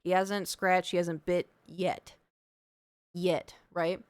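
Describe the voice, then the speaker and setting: A woman's voice: fairly low pitch, little pitch movement, takes it slowly, darkish tone, no echo. A woman streamer telling a story in casual chat, rambling with lots of fillers.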